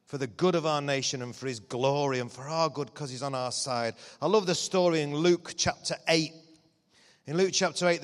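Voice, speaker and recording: A man preaching a lively, joking sermon to a church congregation, his voice often rising to shouts of excitement. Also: sits high. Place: church hall. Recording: long hall reverb.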